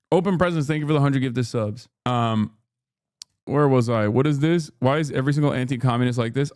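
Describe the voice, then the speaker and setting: A man's voice: mid-range voice, darkish tone, dry recording, studio quality. A man ranting on a live stream, profane and heated, mocking others by putting on voices for their quotes. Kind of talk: live stream reaction rant.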